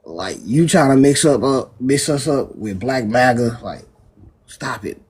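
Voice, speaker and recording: A man's voice: medium pitch, animated, measured pace, a little mellow, breathy edge. A man from the US moderating and arguing on a live debate panel, casual and dismissive.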